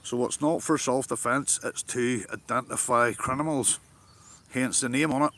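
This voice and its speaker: A man's voice: medium pitch, normal speed, pushed and bright. A man with a Northern Irish accent live-streaming outdoors while fishing, chatting casually, swearing often and answering his viewers' comments. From Northern Ireland.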